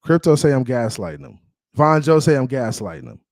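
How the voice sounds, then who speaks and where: An animated man hosts a live sports stream, his pitch leaping all over as he hypes the chat and razzes rival fans. The sound is dry and close, with no room around it. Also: brisk, no echo. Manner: animated, trash-talking, shouting out viewers. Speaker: livestream sports show host. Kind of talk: casual live-stream banter.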